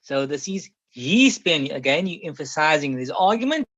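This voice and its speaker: In a muffled, slightly lo-fi recording, a man teaches an Arabic grammar lesson to a class, patiently explaining and repeating each example several times. His voice is a little high, sing-song and a bit bright, at normal speed with no echo.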